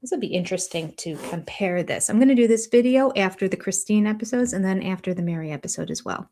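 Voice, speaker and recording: An older woman giving deliberate, analytical commentary as a host, with a dryly sarcastic edge. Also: medium pitch, warm tone, slight background noise.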